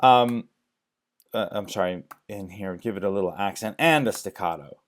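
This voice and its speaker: Male music instructor, lowish voice, halting think-aloud demo delivery with frequent ums. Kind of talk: screen-share lecture demo.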